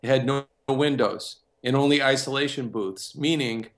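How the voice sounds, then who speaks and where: A man's voice: mid-range voice, moderate pace. A man who works as a music producer and composer, telling a personal story in a casual interview and acting out other people's lines as he goes.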